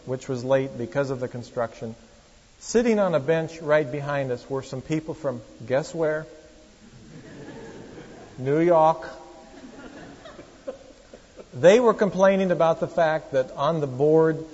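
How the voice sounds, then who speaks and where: A pastor in his forties tells stories from the pulpit in a conversational way, tossing wry asides to his congregation. His voice sits a little high and has a husky edge. He sounds far off in a reverberant church hall, on a dull lo-fi recording. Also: unhurried, pauses often, a little mellow. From Oregon, USA. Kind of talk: sermon with anecdotes.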